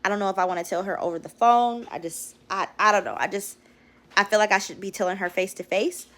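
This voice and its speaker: A young woman vlogs at home into her phone camera, talking fast in a steady, slightly bright mid-range voice that sounds recorded from afar. Her personal story comes out casual and candid, with plenty of swearing.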